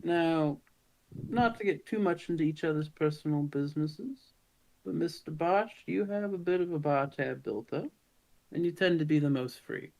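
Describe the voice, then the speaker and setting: A scarred crime boss with a gentle Southern drawl, put on by a man running a tabletop game. His threats come slow and soft, in a slightly raised voice. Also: a little high, gravelly, rough recording. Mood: businesslike. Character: disfigured crime-boss man, calm, menacing.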